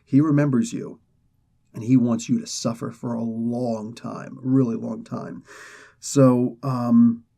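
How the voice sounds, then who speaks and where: A man hosting a comic book review show, excitedly retelling a story's plot in a casual way, full of fillers and restarts. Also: mid-range voice, measured pace, gravelly.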